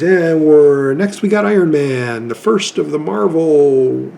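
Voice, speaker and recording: A man's voice: on the high side, animated, slow, vocal fry, hardly any pauses, dark tone, slight background noise. A man in his fifties telling rambling anecdotes in a casual chat about his film collection.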